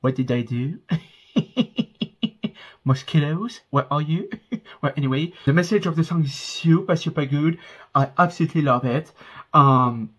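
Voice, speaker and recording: A man's voice: fairly high pitch, moderate pace, long pauses, a bit bright, slightly rough. Effusive man. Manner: effusive, gushing and easily emotional. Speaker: music reaction vlogger. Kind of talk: casual reaction video. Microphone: headphones on, speaking to camera.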